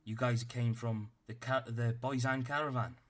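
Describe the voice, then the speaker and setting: A man's voice: mid-range voice, fairly even intonation, normal speed, voice pushed up, lightly acted. A man voicing a tiny, fierce female rabbit-folk captain who is bossy and stern, in a tabletop game. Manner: scolding, clipped commands.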